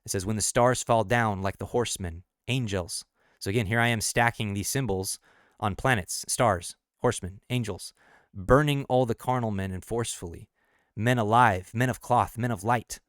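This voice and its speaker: Low-voiced man rambling on a late-night stream. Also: normal speed, no echo, studio quality. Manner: rambling and thinking aloud, with many restarts and self-corrections; laughs easily between explanations. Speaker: streamer discussing his own song lyrics. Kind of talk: casual late-night livestream talk.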